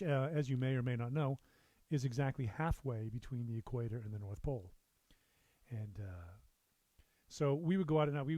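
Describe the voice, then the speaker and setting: A man's voice: mid-range voice, dark tone, no room sound. A man in his fifties from Massachusetts, hosting a livestream from a studio in a loose, rambling chat full of "uh"s as he greets viewers. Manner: chatty, rambling, many "uh"s and drawn-out greetings. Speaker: livestream host and musician. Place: recording studio.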